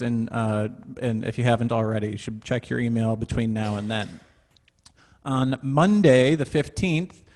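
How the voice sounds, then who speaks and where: A man of middling pitch talks through a class's upcoming schedule in a chatty, upbeat way, stopping often on small fillers. His voice comes over a video call. The room around him rings with a long, echoing reverb. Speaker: music center staff host. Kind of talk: casual class announcements.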